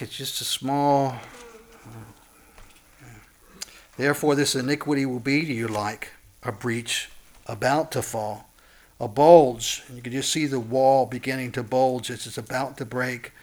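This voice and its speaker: With great passion, a pastor delivers his sermon and reads from scripture; warnings push his voice high and loud, and then it drops back down, low and soft.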